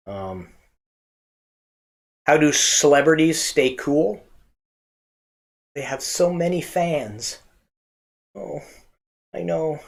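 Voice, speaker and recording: A man hosting a church comedy night, telling corny jokes in a halting way with many fillers and restarts. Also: on the high side, expressive, gravelly. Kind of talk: casual joke telling to camera.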